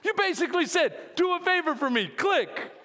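A male pastor acting out his exasperated wife scolding him, with an indignant, shrill manner. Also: very animated, normal speed, sharp tone, a faint crowd, full character voice. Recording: long reverb of a church hall.

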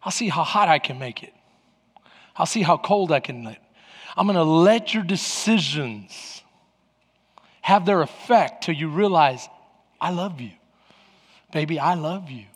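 A man voicing God as a patient, tender father, speaking low, soft and drawn out. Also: expressive, measured pace, pauses often, husky, in a large hall.

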